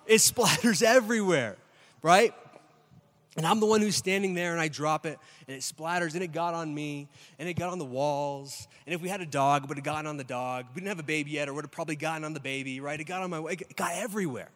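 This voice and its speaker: A man's voice: a little high, fast, in a large hall. A man preaching a sermon as pastor, telling stories with energy and putting questions to the congregation. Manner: animated storytelling, asks the crowd questions.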